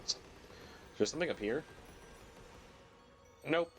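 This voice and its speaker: A man's voice: fairly high pitch, lively intonation, takes it slowly, a bit bright, faint music behind. A young man streaming a video game while sick, rambling casually with lots of fillers and the odd swear, his voice cracking at times. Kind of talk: casual gameplay commentary.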